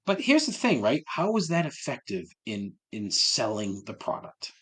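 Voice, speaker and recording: A man's voice: medium pitch, wildly swooping pitch, moderate pace, fairly bright tone, husky. A man hosting a solo podcast, ranting with sarcasm and heavy swearing. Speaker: podcast host.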